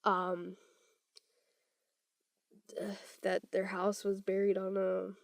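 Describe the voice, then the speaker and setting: Young woman, podcast co-host, animated casual storyteller who quotes people in character, close dry mic. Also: mid-range voice, slow, gravelly, no echo.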